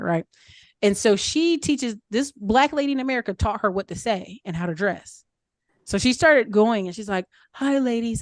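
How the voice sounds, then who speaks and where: A woman in a mid-range voice talks through advice in a relaxed, chatty way, sprinkling in "um" and "like" and circling back to stress her points. The sound is dry and close, with little room to it. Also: mid-range voice, dry recording. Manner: chatty, frequent fillers like "um" and "like"; upbeat advice-giving, repeats points for emphasis. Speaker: mastermind group speaker. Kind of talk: casual Q&A coaching on an online call.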